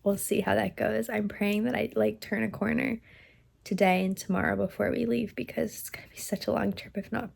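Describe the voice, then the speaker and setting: A young woman with a medium-pitched, creaky, darkish voice vlogs candidly about her pregnancy. She's nauseous and congested, talking loosely into a phone held at arm's length with plenty of "like" and "um."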